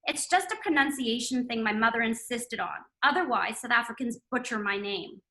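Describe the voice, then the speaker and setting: A woman reading the lines of a brusque, foul-mouthed male IT guy in her own bright voice. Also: a little high, moderate pace. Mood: explaining. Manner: profane, brusque retorts. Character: gruff sarcastic male IT guy.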